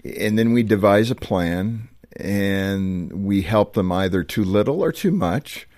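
A low-voiced man asks a guest questions on a radio show, close to a studio microphone. He sounds conversational and thinks out loud. The recording is dry, with no room sound. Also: slow pace, no room sound. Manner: conversational, thinks aloud while asking. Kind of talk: interview questions.

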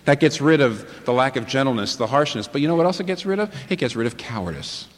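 Animated male preacher in a reverberant hall. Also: medium pitch, fast talker. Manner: emphatic, rhetorical questions, answers them himself. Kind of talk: sermon. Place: large church hall with a live congregation. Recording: long reverb in a large hall.

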